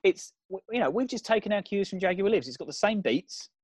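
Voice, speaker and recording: A man co-hosting a comedy chat, rambling through an absurd film pitch with lots of ums. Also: lively intonation, brisk, slightly rough, no echo. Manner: rambling, builds absurd scenarios with fillers.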